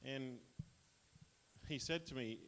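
A man's voice: mid-range voice, slow pace, a bit bright. An Australian man casually sharing a personal testimony with his church, chatty and rambling, often laughing.

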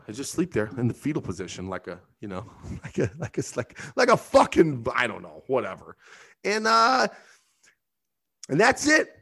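A man's voice: on the high side, a bit bright. A man in his thirties hosting a podcast, telling a rambling, profane, self-mocking story in casual monologue. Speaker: podcast host; bartender.

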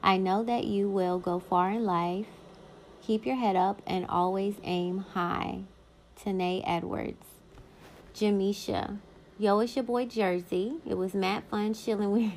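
A woman's voice: medium pitch, fairly even intonation, a little slow, darkish tone, low-quality recording. A woman in her thirties hosting a podcast, reading old notes aloud in a casual way with short asides of her own. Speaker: podcast host.

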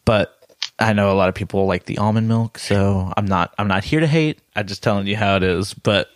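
Low-voiced rambling podcast co-host. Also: brisk, no room sound, clean studio sound. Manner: rambling with fillers and restarts. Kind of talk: casual chat.

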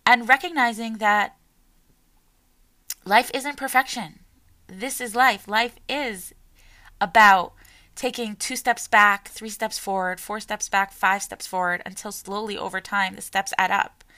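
A woman in her forties, a mother giving an earnest, heartfelt personal talk with a soft, emotional delivery. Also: medium pitch, fairly even intonation, a little slow. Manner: earnest and emotional, voice softening as she tears up. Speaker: parent sharing her story.

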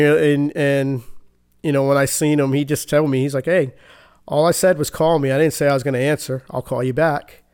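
A man giving an earnest, halting personal recovery testimony, often restarting his sentences. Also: mid-range voice, smooth. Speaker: speaker sharing his recovery story.

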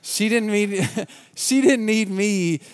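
A man's voice: high voice, slow, clear, resonant tone. A man preaching a conversational sermon as pastor, earnest and casual, often restarting his sentences.

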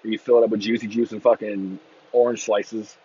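A man ranting casually on a podcast, swearing freely and breaking into loud mocking impressions of fans. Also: on the low side, level tone, a little fast, muffled recording, slight background noise. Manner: profane, exasperated ranting with mocking shouted impressions. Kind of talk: casual rant.

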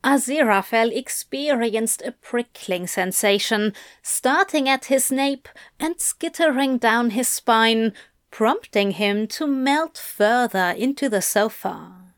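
A woman reading a story aloud in a soft, intimate narration. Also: fairly high pitch, slow pace, no echo, studio quality. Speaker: reader.

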